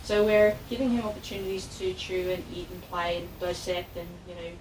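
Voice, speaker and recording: A woman's voice: on the low side, brisk. Australian woman dog trainer, distant and echoey. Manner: animated storyteller, acts out voices in anecdotes. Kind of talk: casual training session with a client. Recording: roomy echo, distant mic, background noise.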